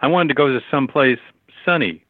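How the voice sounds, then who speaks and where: A man's voice: mid-range voice, a little fast, no echo, pitched above the performer's own voice, lightly acted. A man voicing a huge, sheltered young man who talks nervously and hesitantly, in a storybook reading over a tinny phone-like line.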